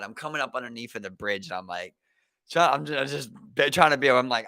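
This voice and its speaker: A young man with a Baltimore accent, hosting a podcast and telling a story in animated, profane slang, acting out the people in it. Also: on the low side, no echo. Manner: animated, profane street slang, acts out quotes. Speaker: podcast host. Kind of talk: casual chat, storytelling.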